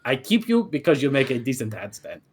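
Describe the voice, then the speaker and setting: A man's voice: mid-range voice, very animated, brisk, slight background noise, natural voice. A man doing a pompous, vain minotaur. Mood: grandiose. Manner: grandiose storyteller, theatrical. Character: pompous vain male minotaur, severed head. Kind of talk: comic tabletop role-play.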